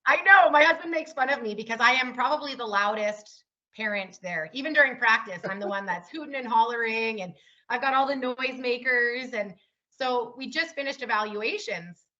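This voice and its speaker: A woman's voice: on the high side, a little fast, sharp tone, dull audio. A woman keynote speaker talking casually and with enthusiasm in an interview. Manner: upbeat and enthusiastic.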